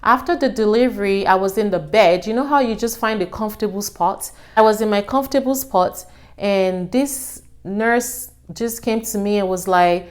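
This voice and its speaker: A young adult woman casually telling her own story to her viewers, acting out what people said with a raised voice. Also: moderate pace. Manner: animated, acts out quotes with raised pitch.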